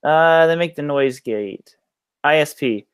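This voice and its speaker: A man guests on a casual chat and tells easygoing stories, packed with casual fillers. His voice is smooth and clean. It sounds dry, with no room around it. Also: a little high, a little slow, no room sound. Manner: easygoing storyteller, many "like" fillers. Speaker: guest guitarist.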